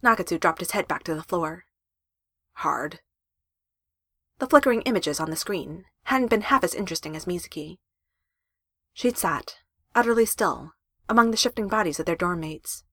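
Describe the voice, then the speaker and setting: A woman narrating a story with a lively, animated voice that swings up and down in pitch. The recording is close and dry, with no room sound. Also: normal speed, pauses often, no room sound. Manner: expressive, with emphatic rises.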